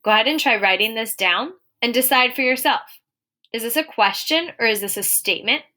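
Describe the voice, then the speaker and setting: A young adult woman teaching a recorded lesson to young children, clear and encouraging, slowing down to read example sentences aloud. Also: a little high, pushed and bright.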